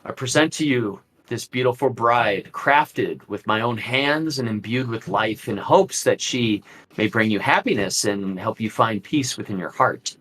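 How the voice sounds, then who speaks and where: A man's voice: lowish voice, unhurried, a bit bright. A man voicing a timid male abbot who stammers and pleads. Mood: fawning.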